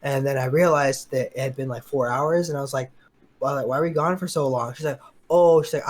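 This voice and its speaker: A young man co-hosting a podcast, telling a long story in a casual, rambling way with lots of fillers and quoted dialogue. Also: medium pitch. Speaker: podcast co-host.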